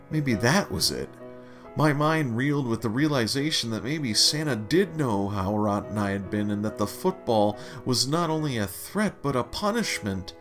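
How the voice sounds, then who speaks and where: A man reading a humorous memoir story aloud with a dry, deliberate, wry delivery. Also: medium pitch, expressive, a bit bright. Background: faint guitar music.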